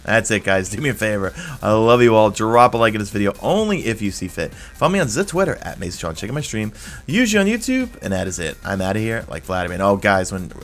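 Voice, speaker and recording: A man's voice: fairly low pitch, very animated, quick pace, fairly bright tone. A young man giving casual game commentary as a gaming YouTuber, rambling and self-amused, sleepy after staying up all night.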